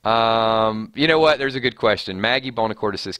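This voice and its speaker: A man's voice: fairly low pitch, a little fast, a bit bright, dry recording. A man hosting a live stream, chatting casually and reading viewer comments aloud with frequent restarts.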